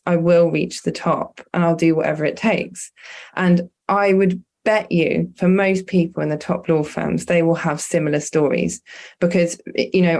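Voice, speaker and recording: A woman's voice: on the low side, darkish tone. A woman on a webinar panel, speaking reflectively and telling a personal story with frequent restarts over a video call. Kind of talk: conversational panel discussion.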